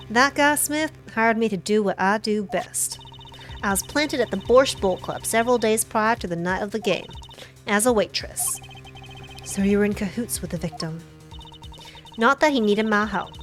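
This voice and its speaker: A woman's voice: a little high, moderate pace, fairly bright tone, faint music behind, close to an everyday voice. A woman voicing a sly, boastful female card dealer with a put-on American Southern accent, reading a video game aloud. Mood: smug. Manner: boastful, theatrical.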